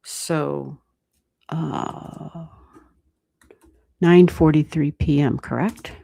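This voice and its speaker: An American woman giving astrology readings on a livestream, thinking aloud and chatting with viewers in a relaxed way, with the odd swear word. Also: low voice, drawn-out words, vocal fry. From United States. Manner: thinks aloud, talks to chat, mild swearing. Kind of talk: casual livestream chat.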